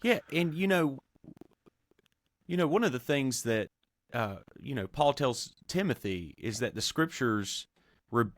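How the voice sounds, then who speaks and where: A man, a pastor and podcast host, talking through theology in an earnest, measured way, with many fillers and restarts. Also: mid-range voice, expressive, no room sound. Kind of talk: conversational theology discussion.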